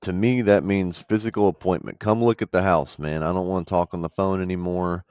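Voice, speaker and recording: Deep blunt man coaching on a deal. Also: fairly even intonation, a little fast, darkish tone, clear, resonant tone, no room sound. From American South. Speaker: real estate investor explaining a deal. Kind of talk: casual commentary over a call recording. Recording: dull dry voice-over.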